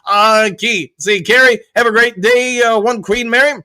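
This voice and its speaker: A man's voice: very high-pitched, fairly even intonation, a little slow, bright, forceful tone, no echo. A man from Michigan hosting a live fan show, reading viewers' chat messages aloud and answering them. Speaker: host.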